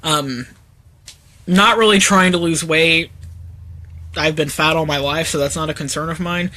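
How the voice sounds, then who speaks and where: Bright-voiced man in casual profane chat. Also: fairly high pitch, unhurried. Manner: laid-back, profane, rambling with fillers. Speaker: co-host. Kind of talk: casual live-stream chat. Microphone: phone.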